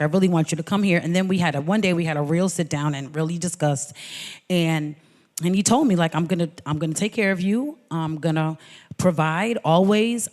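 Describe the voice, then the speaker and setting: A woman musician telling a lively, animated story at an artist talk, often quoting people in changed voices. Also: fairly low pitch. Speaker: guest musician. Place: hall at a museum. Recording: reverberant hall.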